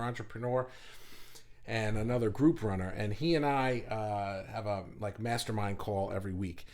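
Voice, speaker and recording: A man hosting an art group's livestream replay, talking casually with many fillers and restarts, greeting viewers as he goes. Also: mid-range voice.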